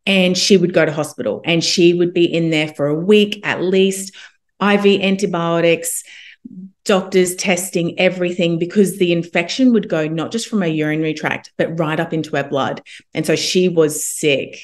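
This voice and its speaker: A young woman, a homeopath guest, telling a personal story in a casual, animated way and acting out what others said. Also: fairly low pitch, normal speed. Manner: animated, quotes others in lively asides.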